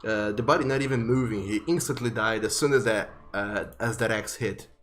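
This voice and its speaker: A young man as game master, narrating a tabletop game in vivid, halting descriptions full of fillers. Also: on the low side, a bit bright.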